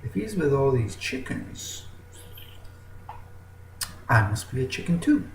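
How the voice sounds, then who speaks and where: A man playing a hushed, awestruck eagle. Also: mid-range voice, sing-song, slow, roomy sound, slight background noise. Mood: musing. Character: naive, wondering young male eagle.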